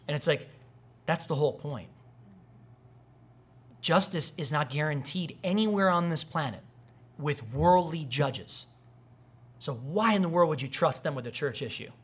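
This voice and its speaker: A man's voice: a little high, moderate pace. Man preaching a casual, chatty sermon. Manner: conversational, animated, acts out quoted voices. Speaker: pastor. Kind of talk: casual sermon with personal stories.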